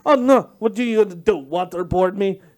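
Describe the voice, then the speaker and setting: A stubborn Russian prisoner, played by a man in a mock Russian accent, refusing in broken English with a fairly high voice. It is a comic sketch voice. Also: moderate pace, darkish tone, lightly acted. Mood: nervous. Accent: put-on Russian.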